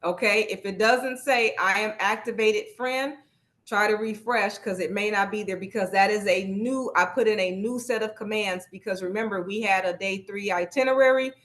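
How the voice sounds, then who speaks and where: A woman's voice: medium pitch, moderate pace, a bit bright. A woman leading a live online workshop over a video call, speaking casually and encouragingly, repeating her instructions.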